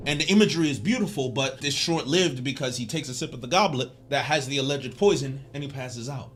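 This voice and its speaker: A man hosting a casual video essay, animated and joking in slangy speech. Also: medium pitch, fairly quick, hardly any pauses.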